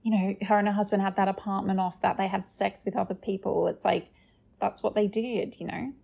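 Gravelly-voiced woman podcast co-host. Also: medium pitch, fairly even intonation, fairly quick, dark tone. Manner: chatty, quotes cast members in mock voices. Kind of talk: casual recap chat.

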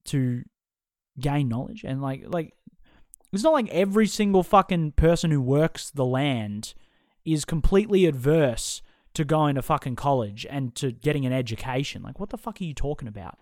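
A young male podcast host with a fairly high voice goes on a heated, profanity-heavy rant. The sound is dry and close, with no room around it. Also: lively intonation, normal speed, a little mellow, no echo.

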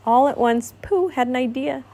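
A woman reading a picture book aloud to a child, gentle and expressive, pausing to ask questions. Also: sits high. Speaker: storybook reader.

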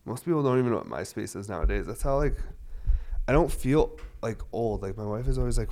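Rambling man in his thirties, low voice. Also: fast, darkish tone. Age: 30s. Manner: loose, rambling, heavy on fillers, swears often. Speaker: cannabis vlogger. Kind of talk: casual rambling monologue.

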